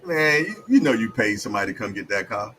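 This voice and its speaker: A man's voice: fairly low pitch, sing-song, quick pace, pushed and bright, slight background noise, rough recording. A middle-aged man hosting a casual hangout show, joking loosely in slang and telling stories with frequent laughs. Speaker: host. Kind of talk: casual chat and storytelling.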